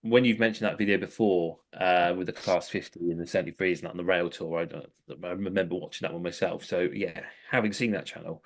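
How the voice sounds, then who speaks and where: A man's voice: low voice, steady tone, a little fast, few pauses. A man co-hosting a casual podcast, chatty and full of fillers and restarts. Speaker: co-host. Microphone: headphones, remote call.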